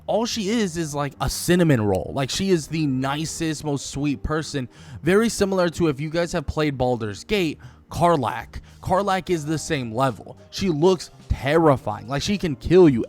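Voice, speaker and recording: A man giving casual video commentary on a game, rambling and enthusiastic, full of "like" and quick self-corrections. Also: fairly high pitch. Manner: rambling and enthusiastic, heavy use of "like", corrects himself. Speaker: gaming video creator.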